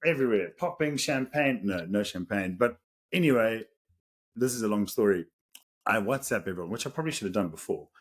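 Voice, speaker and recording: A lowish, husky voice belongs to a South African man in his thirties, speaking a little fast. Co-hosting a podcast, he spins a casual story with animation, laughing through it often.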